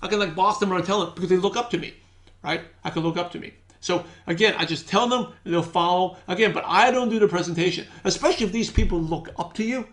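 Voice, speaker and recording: A man teaching a sales training, energetic, repeating key points and acting out sample phone calls. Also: high voice, quick pace. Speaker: business trainer.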